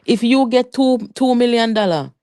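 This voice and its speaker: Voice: medium pitch, normal speed, smooth, dry recording, clean studio sound. Heated Jamaican Patois commentator. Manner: animated, heated, mixes Patois with English, talks straight to viewers. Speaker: political commentary livestreamer. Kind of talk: live political commentary rant.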